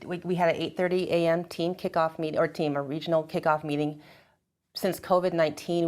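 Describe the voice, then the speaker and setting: A woman in a group conversation at her church, telling a personal story with animated, emotional delivery and acting out dialogue. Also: low-pitched. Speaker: church member sharing experiences.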